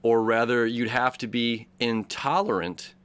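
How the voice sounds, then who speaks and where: A man's voice: mid-range voice, fairly even intonation, a little slow, a bit bright, clean tone. A man hosting a daily astrology show, talking through the chart in a rambling, casual way, full of fillers and restarts. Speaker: astrology host. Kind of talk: casual explanatory monologue.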